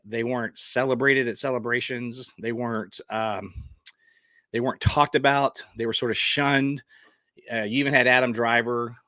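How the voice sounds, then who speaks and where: A man's voice: mid-range voice, steady tone, moderate pace, sharp tone, dry recording, clean studio sound. A man in his forties giving his blunt, passionate opinions in a casual vlog, often throwing out rhetorical questions. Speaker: vlogger.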